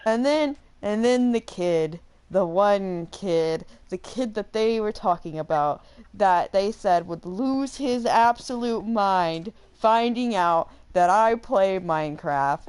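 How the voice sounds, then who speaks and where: A young adult woman hosting a gaming channel, telling a rambling story while she plays, animated and full of fillers and laughter. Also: mid-range voice, slow, clean tone. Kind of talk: casual storytelling while playing a game.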